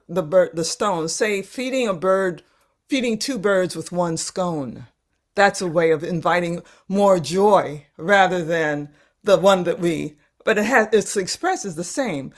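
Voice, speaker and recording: A woman leading a live online workshop over a video call, speaking gently and haltingly, repeating words as she searches for them. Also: fairly low pitch. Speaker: workshop facilitator.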